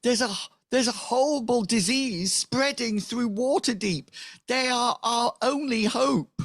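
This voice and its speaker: A woman's voice: fairly high pitch, unhurried, no echo, voice pushed up. A man voicing a frantic village woman who pleads desperately for help.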